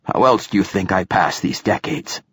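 Brief: man playing very old poet, harsh raspy voice, blunt, deep and husky. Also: normal speed, no room sound, clean studio sound. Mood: gruff. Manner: blunt, forceful. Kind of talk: audiobook dialogue.

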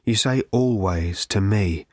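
A man voicing an ancient, depressed male robot that talks in a slow, croaking, hollow rattle full of self-pity. The reading is an audiobook. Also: fairly low pitch, no echo, clean studio sound. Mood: aggrieved. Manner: slow, mournful, self-pitying drawl.

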